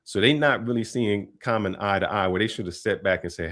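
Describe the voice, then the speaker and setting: A man's voice: fairly low pitch, a little fast. A man from Detroit giving casual, slangy commentary on a clip he is reacting to. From Detroit, Michigan. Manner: relaxed, chatty, slangy delivery with laughs.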